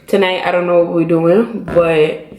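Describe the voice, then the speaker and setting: A woman's voice: fairly low pitch, steady tone, a little slow, reverberant, lo-fi sound, a crowd in the background. A woman with a Caribbean accent chatting casually in a travel vlog, laid-back, trailing off into fillers. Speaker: vlogger. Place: outdoors at a resort.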